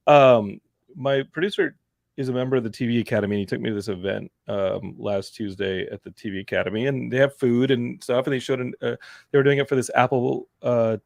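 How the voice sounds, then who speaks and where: A man hosting a podcast, telling stories in a casual, animated way and laughing often. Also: mid-range voice, brisk, creaky, dry recording, studio quality. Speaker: podcast host. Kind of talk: casual chat.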